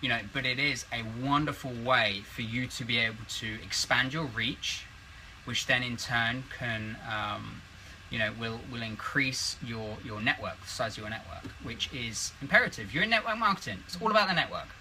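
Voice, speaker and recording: A British man chats through business advice in a casual, meandering way. His voice is very bright and edgy. He keeps circling back and picking up his thread again. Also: medium pitch, normal speed, slight background noise, poor audio. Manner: rambling, loses his thread. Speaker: co-host.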